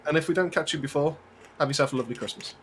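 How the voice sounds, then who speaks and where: A man's voice: on the high side, rapid-fire, a little hiss or hum. A man co-hosting a game stream, chatting casually, joking and rambling with frequent laughs. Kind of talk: casual banter while gaming.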